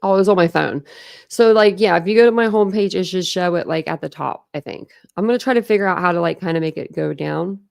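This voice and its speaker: Gravelly-voiced young woman chatting rambly. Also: lowish voice, fast, darkish tone. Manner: rambling, chatty, many "like"s and restarts. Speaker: true crime channel host. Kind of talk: casual livestream chat with viewers.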